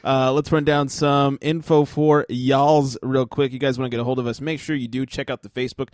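A man's voice: mid-range voice, little pitch movement, a little fast, dry recording, studio quality. Male podcast co-host, casual and crude, tipsy bedroom banter. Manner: loose, joking, swears freely. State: tipsy, drinking beer. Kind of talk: casual chat.

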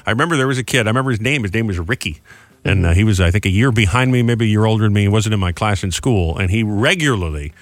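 A man's voice: lowish voice, expressive, racing, dry recording. A middle-aged man co-hosting a morning radio show, chatty and self-deprecating in casual studio banter. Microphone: studio microphone.

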